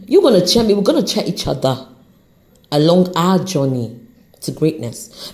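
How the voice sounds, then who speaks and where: Animated woman giving a pep-talk podcast. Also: on the low side, normal speed. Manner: animated, encouraging, speaks off the cuff; says her accent shifts as she talks. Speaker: podcast host. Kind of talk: unscripted motivational podcast talk.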